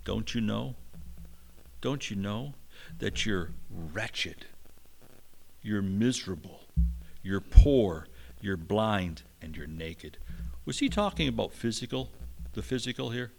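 A middle-aged man preaching a sermon, slow and emphatic, with a touch of humor. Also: creaky, slight background noise. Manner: slow, emphatic preaching with lively pitch swings. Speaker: pastor.

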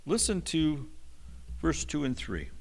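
A middle-aged man preaching a sermon, slow and emphatic, with a touch of humor. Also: gravelly. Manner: slow, emphatic preaching with lively pitch swings. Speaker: pastor.

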